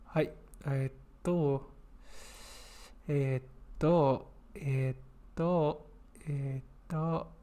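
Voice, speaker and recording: A man in a casual live-stream chat, playful and self-mocking, apologizing often and trailing off into drawn-out fillers. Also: on the high side, steady tone, warm tone.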